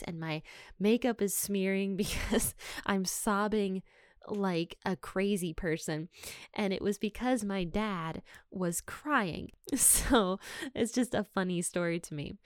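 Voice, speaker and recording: Young woman, casual Bible teacher, low-ish smooth voice, dry close sound. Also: dry recording. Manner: chatty and conversational, laughs while telling stories. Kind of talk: casual Bible study talk.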